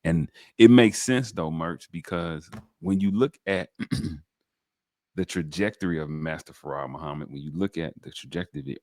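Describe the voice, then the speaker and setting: Man, podcast host, very deep voice, dry close sound, animated. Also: measured pace, no echo. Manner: animated, preacher-like, addresses viewers directly. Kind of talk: enthusiastic interview talk.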